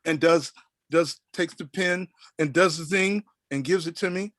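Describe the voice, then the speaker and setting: A middle-aged man from Oklahoma telling a story on a panel, animated and rambling with many restarts. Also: fairly high pitch, measured pace, dry recording. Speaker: panel guest.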